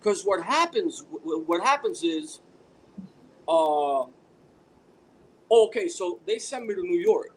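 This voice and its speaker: Animated high-voiced man telling a story. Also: slow, long pauses, husky, poor audio. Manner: animated, rambling with restarts. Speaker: podcast guest. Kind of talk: casual storytelling.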